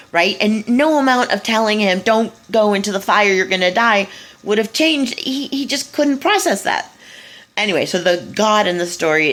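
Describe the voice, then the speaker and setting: A woman's voice: on the low side, fairly bright tone. A woman retelling a story in a casual monologue, blunt, profane and scornful, with loose asides and restarts. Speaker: speaker giving a talk.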